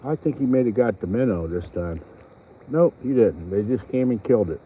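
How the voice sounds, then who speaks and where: A man's voice: lowish voice, animated, moderate pace, dull audio, a little hiss or hum. A man chatting casually on a fishing vlog by a pond, rambling with fillers. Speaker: fishing vlogger. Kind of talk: casual outdoor vlog narration. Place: outdoors by a pond.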